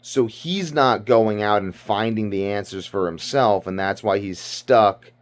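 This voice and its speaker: A man's voice: fairly low pitch, unhurried. A man from Britain giving rambling casual commentary, ranting and profane, full of fillers. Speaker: video commentator.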